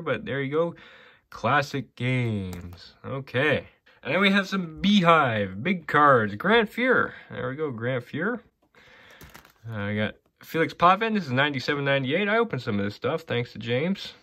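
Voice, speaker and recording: A man casually talking through the hockey cards he got in the mail, chatty and muttering, quick to get excited. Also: medium pitch. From Canada. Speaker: hockey card collector opening mail. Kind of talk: casual commentary while opening cards.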